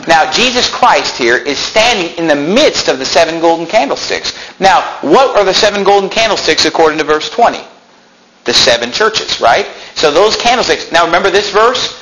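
A pastor preaching a sermon in a church, explaining scripture with rhetorical questions and folksy asides. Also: male voice, fairly high pitch, animated, brisk, background noise.

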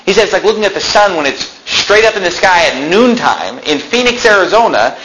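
A pastor preaching a sermon in a church, explaining scripture with rhetorical questions and folksy asides. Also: male voice, high-pitched, big pitch swings, a little fast, fairly bright tone, a little hiss or hum, poor audio.

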